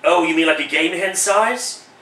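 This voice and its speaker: A man's voice: a little high, moderate pace, sharp tone, slight background noise. A man voicing a whiny, pleading oversized boy with a crutch. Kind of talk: one-man comedic radio play. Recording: roomy echo, distant mic.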